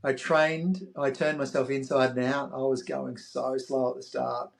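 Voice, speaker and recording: A man's voice: medium pitch, unhurried, gravelly. An Australian man in his fifties, a podcast guest telling a story with animation and acting out the voices of others. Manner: animated, acts out quoted voices. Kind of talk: interview storytelling.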